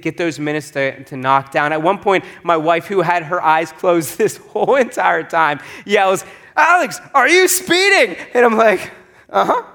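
A man's voice: fairly high pitch, a bit bright. A man in his thirties, a pastor telling a personal story in a sermon and acting out the voices of the people in it.

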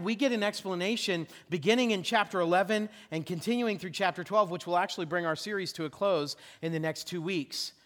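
A male pastor preaching a sermon, telling the story in a lively way with joking asides, in a church. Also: sits high, big-room sound. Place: church sanctuary.

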